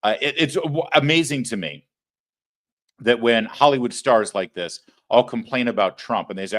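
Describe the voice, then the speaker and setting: A man's voice: mid-range voice, moderate pace. A man hosting a live political commentary show, talking in a sarcastic, mocking way. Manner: sarcastic, mocking, animated delivery. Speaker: host.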